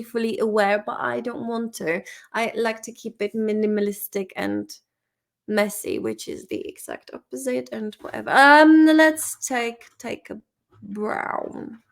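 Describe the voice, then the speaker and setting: A woman teaching English in casual chat at her home desk, chatty and echoing words, congested with a cold. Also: a little high. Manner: chatty, echoes words and laughs often. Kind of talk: casual chat while studying.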